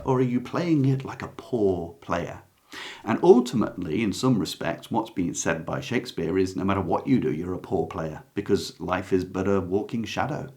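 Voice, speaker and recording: A man giving a slow, reflective line-by-line lecture on a play, sometimes pausing to search for words. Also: on the low side. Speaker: literature teacher.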